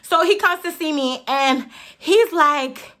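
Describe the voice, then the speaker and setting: A young woman, telling a story in a casual, profane, animated way while doing her makeup. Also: high voice, slow pace. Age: 20s. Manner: animated, profane, laughs often, acts out her own quotes. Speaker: beauty vlogger.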